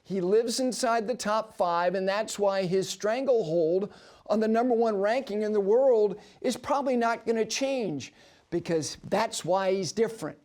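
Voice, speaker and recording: A man's voice: high-pitched, measured pace. A man hosting a golf talk show on television, telling stories and making emphatic points in a broadcast studio. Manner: animated storyteller with emphatic asides. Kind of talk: broadcast sports commentary.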